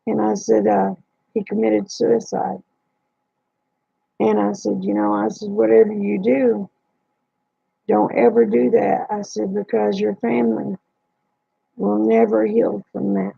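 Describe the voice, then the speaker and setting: Gravelly, husky woman telling a story. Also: medium pitch, flat delivery, mellow, no room sound. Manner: slow, plain-spoken, retells dialogue. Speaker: livestream host. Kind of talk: casual personal storytelling. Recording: dull lo-fi dry sound.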